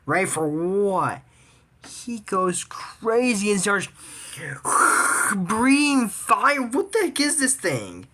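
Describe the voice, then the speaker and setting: A woman's voice: mid-range voice, very animated, slow, fairly bright tone. A woman giving a rambling, judgmental recap of a cartoon episode in casual commentary, with frequent restarts.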